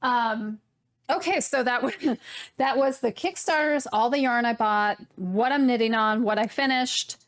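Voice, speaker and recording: A young adult woman hosting a knitting podcast, chatting casually in a rambling, animated way. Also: on the high side, measured pace, no room sound. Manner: rambling, animated, swearing mildly. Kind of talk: casual chat to camera.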